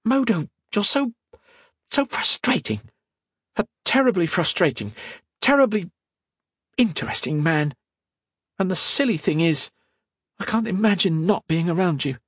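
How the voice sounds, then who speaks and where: A man's voice: sits high, big pitch swings, a bit bright, breathy edge, dry recording, clean studio sound, voice pushed up, heavily acted. Man voicing a feisty young woman. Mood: earnest. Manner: scolding, quick and teasing. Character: feisty young woman, sharp-tongued and bold.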